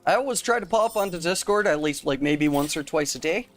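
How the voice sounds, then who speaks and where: A man's voice: a little high, expressive, brisk, faint music behind. A young man live-streaming a game, chatting casually with his viewers and laughing often. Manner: chatty, rambling, laughs often, talks to chat by name. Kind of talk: casual live-stream chat while playing.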